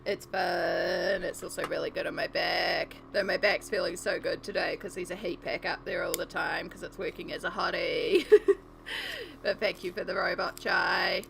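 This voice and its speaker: A woman's voice: lowish voice, steady tone, normal speed, gravelly, background noise. A woman streamer chatting casually with her viewers while colouring, giggly and self-deprecating. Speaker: art streamer.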